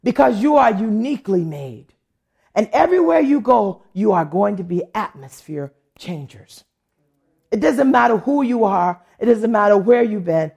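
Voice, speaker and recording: A woman's voice: a little high, creaky, a little mellow, breathy edge. A woman pastor preaching a sermon, telling a testimony and acting out the voices of people she quotes. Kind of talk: sermon with storytelling.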